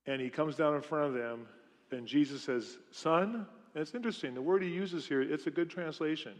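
A man's voice: fairly high pitch, a little fast. Man preaching a sermon in a reverberant church. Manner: conversational, storytelling, asks the congregation questions. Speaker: pastor. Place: church sanctuary.

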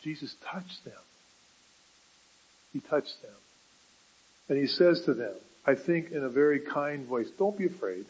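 Male pastor, husky, slightly high voice, earnest sermon delivery with rhetorical questions. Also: a little slow, long pauses, rough recording.

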